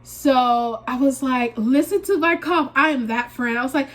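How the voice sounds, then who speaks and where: A woman's voice: high-pitched, moderate pace, a bit bright. A young woman chatting casually as a beauty vlogger, animatedly telling a story and acting out her own panicked remarks, sounding a bit congested. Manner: uses y'all and filler likes. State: congested, recovering from a sinus infection. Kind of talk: casual get-ready-with-me chat.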